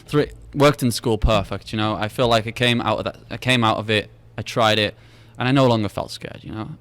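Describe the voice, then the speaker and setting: A man's voice: lowish voice, steady tone, fairly quick, a bit bright, no room sound. A young British man chatting as a podcast guest. He rambles through anecdotes, stumbles and restarts, and acts out each person's lines himself. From Britain. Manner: rambling storyteller who acts out dialogue with repeated restarts. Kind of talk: casual chat.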